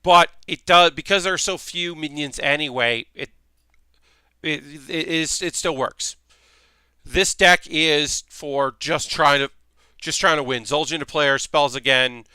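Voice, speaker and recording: A man's voice: on the high side, measured pace, bright, forceful tone, clean tone, no room sound. A man streaming a card game live, chatting casually and thinking aloud with frequent ums and restarts while greeting viewers.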